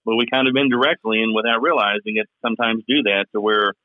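Southern man, low voice, dry tinny phone line, thoughtful podcast co-host. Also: fast, dry recording. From Kentucky. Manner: thoughtful, explaining at length. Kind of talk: casual podcast chat.

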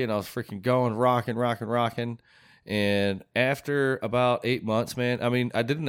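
A man with a very low, smooth voice hosts a podcast, rambling loosely and swearing freely. He sounds laid-back and unscripted. The sound is dry and close, with no room echo. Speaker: podcast host. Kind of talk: casual chat.

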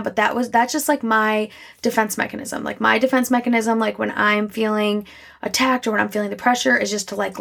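A young woman hosting a podcast, talking candidly in a reflective personal monologue, halting and full of restarts. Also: medium pitch, creaky, a bit bright. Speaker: podcast host.

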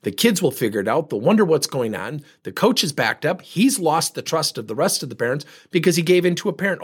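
Husky-voiced man telling an animated story. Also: fairly high pitch, a little fast, few pauses. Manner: animated, acts out both sides of conversations. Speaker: leadership speaker. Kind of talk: storytelling talk on coaching.

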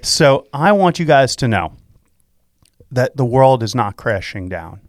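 Excitable radio guy hyping people up, repeats himself a lot, dry close sound. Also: medium pitch, a little slow, no echo. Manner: excitable, repetitive, preachy pep talk. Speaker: radio show host and real estate investor. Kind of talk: motivational radio talk. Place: at home during quarantine.

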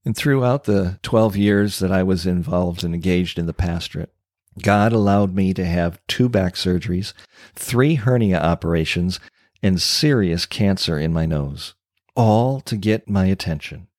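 An older man with a fairly low voice tells his own story in a heartfelt, confessional way, pausing to lean on key words. The sound is dry and close, with no room behind it. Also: a little mellow, no echo. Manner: earnest and confessional, with slow emphatic pauses. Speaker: ministry coach and former pastor. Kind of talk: personal testimony.

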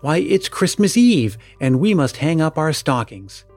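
A man's voice: a little high, sing-song, a little slow, a little mellow, faint music behind, heavily acted. A man voicing a whiny, impatient small boy in a storybook reading. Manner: whining.

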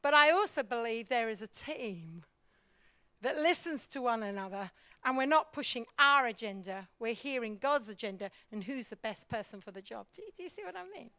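A woman giving a church teaching talk on leadership. She is animated, keeps asking the audience questions and acts out the voices of the people she describes. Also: on the high side, normal speed, no room sound, studio quality.

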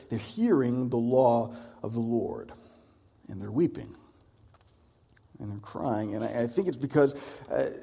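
A man's voice: mid-range voice, mellow, breathy edge, in a large hall. A man preaching a sermon, conversational and reflective, with many rhetorical questions.

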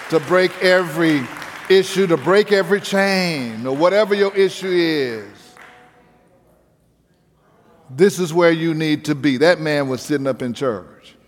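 A man's voice: fairly high pitch, long reverb tail. A male pastor preaching a sermon with an emphatic, repetitive cadence.

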